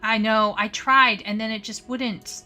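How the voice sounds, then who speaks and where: A woman's voice: fairly high pitch, steady tone, a little slow, pushed and bright, soft background music. A woman chatting casually with her viewers while gaming on a live stream, often flustered and stammering. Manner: chatty, flustered, talks to chat while playing. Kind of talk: casual gaming livestream chat.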